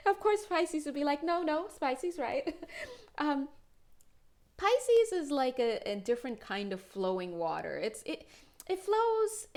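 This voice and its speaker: A woman's voice: high voice, darkish tone. Chatty woman giving a tarot reading. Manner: chatty, rambling, often laughing, restarts and self-interrupting. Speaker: tarot reader. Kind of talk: casual spiritual reading to camera.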